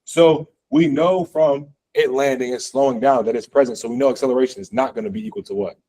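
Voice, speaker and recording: This is a man's mid-range, steady voice with a dark tone and a fairly quick delivery, captured in poor audio. He's a physics instructor lecturing a college class in a classroom that's also streamed online. His style is conversational and full of fillers, and he keeps asking the class questions.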